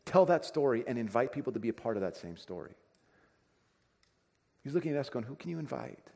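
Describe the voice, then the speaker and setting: A pastor preaching a conversational sermon, acting out everyday dialogue. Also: male voice, medium pitch, big pitch swings, a little fast, vocal fry, mellow. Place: church sanctuary. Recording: reverberant church hall.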